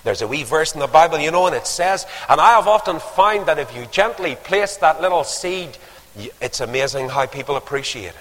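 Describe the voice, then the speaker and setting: A man's voice: a little high, lively intonation, a little fast, fairly bright tone. An older man preaching a sermon, telling stories and building to emphatic calls to action. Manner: storytelling, rising to emphatic exhortation. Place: church. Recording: long hall reverb.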